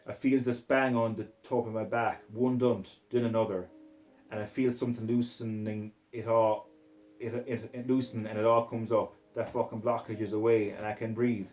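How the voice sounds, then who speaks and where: A man's voice: on the low side, a little mellow, highs cut off. A man reading a crude novel aloud in a put-on Scottish accent, in a profane, aggressive first-person voice. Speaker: reader.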